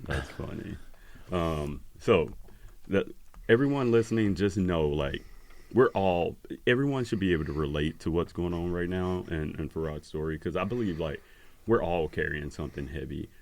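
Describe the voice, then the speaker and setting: Podcast host guy with a super deep voice, thoughtful, lots of ums. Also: lively intonation, normal speed, darkish tone. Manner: reflective, with many fillers. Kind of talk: casual chat.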